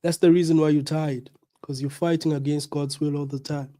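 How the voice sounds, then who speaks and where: A South African man with the flu, his voice sitting a little high for a man. He hosts a reflective talk show on the radio, earnest and preachy, and he circles back to the same points again and again. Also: level tone, brisk, dark tone. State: has the flu, coughing.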